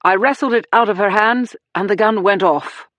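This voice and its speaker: A woman's voice: moderate pace, fairly bright tone, no room sound, close to an everyday voice. Casting: woman narrator voicing a defensive celebrity husband under questioning, sputtering and tearful, dry close sound. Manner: sputtering, pleading, raised pitch. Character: slick male celebrity suspect, defensive, tearful.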